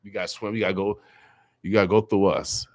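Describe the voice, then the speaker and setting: A man hosting a morning radio show, making animated, hyped announcements and chatting casually about community events. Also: low voice, fast, heavy background noise.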